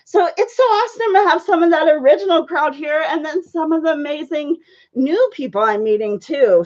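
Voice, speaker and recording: On a live painting stream, a woman speaks at a normal speed in a high, expressive, slightly mellow voice. She chats casually, says hello to viewers by name, and fills her loose, friendly sentences with fillers, all through dull lo-fi audio.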